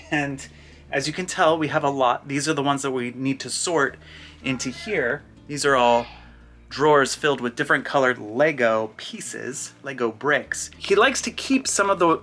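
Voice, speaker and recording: A man hosting a family vlog, explaining a home project in a relaxed, chatty way with small restarts. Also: medium pitch. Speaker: father, vlog host.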